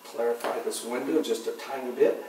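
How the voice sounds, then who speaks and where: A man talking through his painting step by step, musing softly to himself as he works. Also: medium pitch, fairly even intonation, normal speed. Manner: soft-spoken, musing to himself while he paints. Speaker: painting instructor. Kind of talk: relaxed painting commentary. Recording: very echoey room, voice far from the mic, clear background noise.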